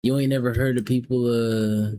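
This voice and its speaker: A man's voice: medium pitch, fairly even intonation, moderate pace, mellow. A young man from the South, hosting a live stream and teasing strangers in casual, profane chat. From American South. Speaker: livestream host.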